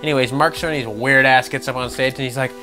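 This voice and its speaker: A man's voice: medium pitch, fairly even intonation, fast talker. A man hosting a gaming news vlog, ranting with sarcastic, profane exasperation. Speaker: gaming channel host. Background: background music.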